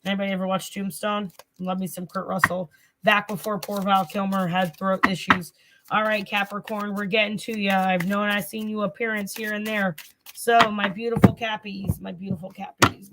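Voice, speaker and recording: A woman's voice: mid-range voice, fairly even intonation, a little fast, very noisy. A woman with a Southern US accent, hosting a casual tarot reading stream and chatting straight to her viewers, repeating herself as she goes. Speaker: tarot reader and channel host.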